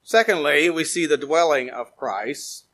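A man preaching a sermon in a fairly high voice. He reads scripture aloud and explains it, rising to emphatic peaks and then falling back to quiet, low phrases. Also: expressive, a little slow. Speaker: pastor.

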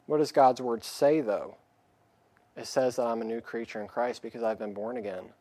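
A man's voice: mid-range voice, fairly even intonation, moderate pace, warm tone, dry recording. A man preaching a sermon in a plain-spoken way, reading scripture aloud and acting out the pleading voices of the people. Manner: reads scripture aloud in a raised voice.

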